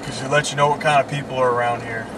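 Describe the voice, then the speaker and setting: A man's voice: medium pitch, fairly even intonation, quick pace, distant mic. Laid-back Mississippi man in a car. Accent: Mississippi Southern. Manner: laid-back, chatty, laughs often. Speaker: vlog host. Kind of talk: casual driving vlog chat. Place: inside a moving car. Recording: car and road noise. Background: road and car noise.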